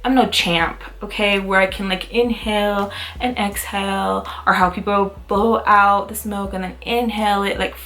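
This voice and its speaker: A young adult woman vlogger telling a casual storytime, talking in quick bursts full of "like" and acting out what people said. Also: medium pitch. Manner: animated, full of "like" fillers, acts out quotes. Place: Utah, United States.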